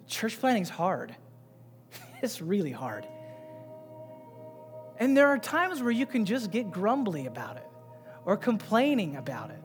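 A man's voice: high-pitched, huge pitch swings, unhurried, pauses often. Preaching man in a reverberant hall. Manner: preaching, swinging between loud emphatic passages and quiet asides. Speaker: pastor. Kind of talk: sermon. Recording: long reverb with faint music behind.

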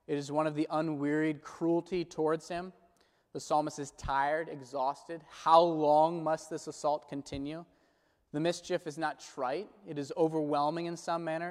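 A man preaching a sermon in a measured, earnest way, slowing down when he quotes prayers and scripture. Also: fairly high pitch. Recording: long hall reverb.

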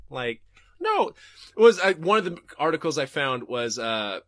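A man's voice: fairly high pitch, big pitch swings, measured pace, fairly bright tone, no echo, studio quality. A man hosting a podcast and reading live chat, talking casually and profanely and laughing often.

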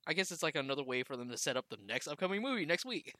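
Male podcast guest, laid-back, lively bright voice. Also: fairly high pitch, very fast, dry recording. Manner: laid-back, laughs often. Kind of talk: casual chat.

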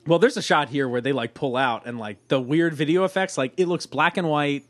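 A podcast co-host with a slightly high voice chats casually while recapping a TV episode. He's animated, jumping into quick impressions of the characters' lines. The recording is dry.

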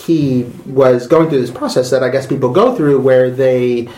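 A man's voice: mid-range voice, moderate pace, dark tone. A slightly intoxicated man in casual conversation, heated and profane, who keeps apologizing. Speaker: guest. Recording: roomy echo.

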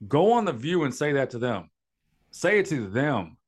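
A man's voice: mid-range voice, very animated, normal speed, slightly rough. A man co-hosting a podcast in casual chat, rambling, trailing off and laughing often. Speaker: podcast co-host.

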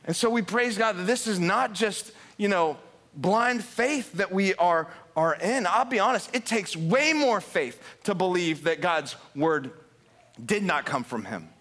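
Male pastor, higher voice, energetic sermon delivery, rallies the congregation with questions. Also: measured pace. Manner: energetic, builds to fired-up emphasis, asks the congregation questions. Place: church sanctuary.

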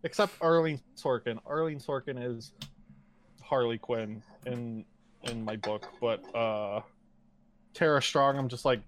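A man's voice: mid-range voice, unhurried, slight background noise. A man co-hosting a casual podcast, recapping a movie in a rambling, joking way and swearing often. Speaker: podcast co-host. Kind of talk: casual chat.

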